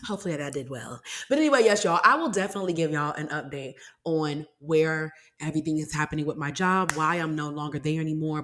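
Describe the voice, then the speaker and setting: Young woman, low voice, solo podcast host, chatty and sassy. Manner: chatty, animated, with sassy asides to listeners.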